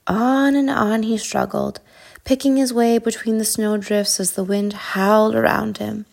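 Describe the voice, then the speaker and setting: A woman reads a children's picture book aloud in a calm, soothing storytelling manner. Her mid-pitched voice carries a noticeable gravelly fry. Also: a little slow.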